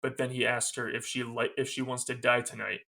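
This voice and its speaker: A man's voice: medium pitch, monotone, a little fast, vocal fry, bright, forceful tone. A man co-hosting a podcast, recapping a movie scene in casual chat, quoting its lines and laughing often. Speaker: podcast co-host.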